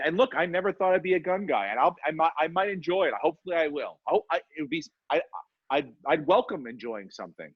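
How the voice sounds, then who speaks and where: A man's voice: on the high side, no room sound, highs cut off. A man in his forties hosting a podcast in casual chat, rambling and profane with self-deprecating asides. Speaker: podcast host.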